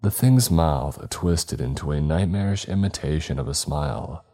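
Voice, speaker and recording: Horror narrator, male, extremely low and dark voice, measured delivery. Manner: measured, dramatic storytelling.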